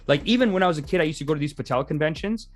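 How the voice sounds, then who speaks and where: A man's voice: fairly high pitch, animated, rapid-fire, faint music behind. A man hosting a livestream, giving casual, rambling commentary and laughing often. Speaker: livestream host.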